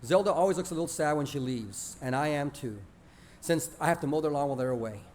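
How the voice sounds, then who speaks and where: Male author, live reading, expressive storyteller, slightly higher voice. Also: quick pace, slight background noise. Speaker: author reading his stories.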